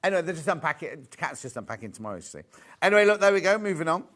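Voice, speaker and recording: A man's voice: on the high side, very animated, racing, a bit bright. A man presenting a live sewing shopping show, chatting, joking and thinking aloud as he shows products. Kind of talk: live selling chat.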